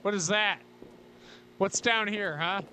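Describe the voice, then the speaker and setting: High-voiced gamer man, ranting, swearing. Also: takes it slowly, sharp tone, a little hiss or hum. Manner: frustrated, swears a lot, ranting. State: losing his voice. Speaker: gaming YouTuber. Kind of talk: let's play commentary.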